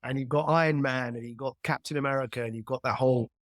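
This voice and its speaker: A man's voice: medium pitch, steady tone, quick pace, no echo, clean studio sound. A man speaking as a guest on a video call, building his points emphatically through analogies and repetition. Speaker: guest commentator. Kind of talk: animated explanatory conversation.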